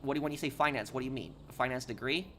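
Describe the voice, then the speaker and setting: A man's voice: medium pitch, very fast, a bit bright, slight background noise. A man streaming a game live, chatting casually with viewers and answering their messages, often stopping and repeating words. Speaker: gaming streamer.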